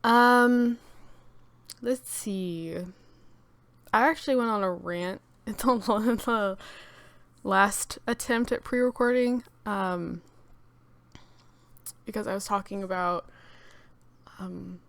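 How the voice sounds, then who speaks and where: A woman's voice: medium pitch, slow, pauses often, no room sound. A young woman with a cracking morning voice, rambling casually with many fillers as she talks over her game build video. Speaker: YouTube gaming creator.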